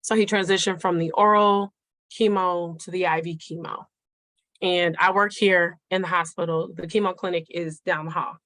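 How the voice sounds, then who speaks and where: Earnest, lower-voiced woman telling a story. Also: a bit bright, no room sound. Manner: earnest, conversational, speaks directly to the listeners. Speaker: nurse sharing a personal grief story at a forum. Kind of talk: personal storytelling to a live group.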